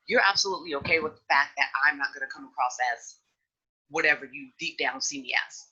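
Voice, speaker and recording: A woman hosting a podcast in casual chat, outspoken and frank, with an animated delivery. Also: sits low, quick pace, slightly rough, muffled recording. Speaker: podcast host.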